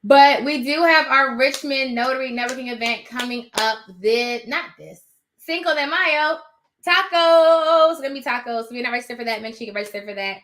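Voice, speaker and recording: A woman hosting a casual live stream from her home office, animated and rambling as she talks to viewers. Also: high voice, fairly quick.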